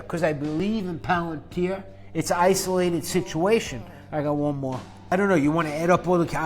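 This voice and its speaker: A man hosting his own investing channel, swinging from calm explanation into a profane, combative rant while his voice is going hoarse. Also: on the high side. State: losing his voice. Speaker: investing YouTuber. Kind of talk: angry ranting monologue.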